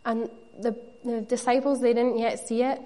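A woman's voice: on the high side, little pitch movement, normal speed, dark tone. A woman preaching a sermon, earnest and conversational, with playful asides to the congregation.

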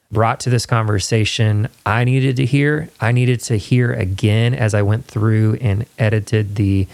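A podcast host with a mid-range, gravelly, darkish voice chats earnestly and ramblingly on his own show, starting with a casual solo intro before an interview. He uses a studio microphone with headphones, and the recording is dry.

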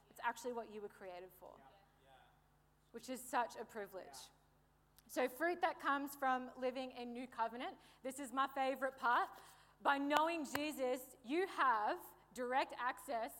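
A young woman delivers a sermon in a slightly high voice, lively and playful, breaking off for jokes and calls for an amen. Her words ring out with the long reverb of a big hall. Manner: lively, joking asides, calls for amens. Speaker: preacher.

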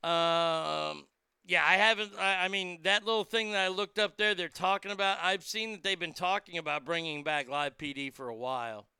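A man's voice: high-pitched, fairly even intonation, normal speed, creaky, sharp tone, smooth, no room sound. A man hosting his own show, rambling casually and chattily with a profane edge. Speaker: host.

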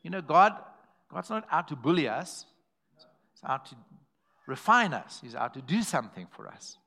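Speaking at a moderate pace in a slightly high voice, a man gives a church sermon built around stories. He's lively, calls out to those in the pews, and dramatizes quoted speech.

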